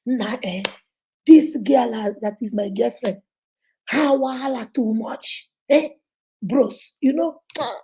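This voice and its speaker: A grumbling young Nigerian man complaining to his friend about his girlfriend, as a woman acts him out in her own voice. He drawls in Pidgin, his tone mellow and a little high. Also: slow pace, slightly rough.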